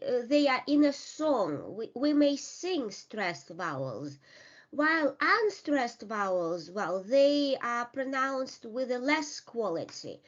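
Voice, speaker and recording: A woman teaches a language lesson at a very slow, deliberate pace, repeating example words one by one for her students. She pauses and hesitates often between her explanations. Her voice sits high and moves a lot in pitch, and the recording sounds dull and lo-fi. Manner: slow, halting explanation with many fillers.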